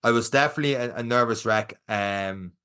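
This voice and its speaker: A medium-pitched man with a clean tone talks a little fast: a young Irish co-host on a podcast. He narrates a race story in casual chat with lots of animation, voicing what people said.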